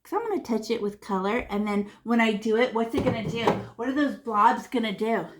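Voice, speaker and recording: A woman's voice: on the high side, expressive, a little fast, background noise. A woman teaching a painting lesson to children in a playful, chatty way, making sound effects and repeating words. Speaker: art teacher. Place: classroom or home room.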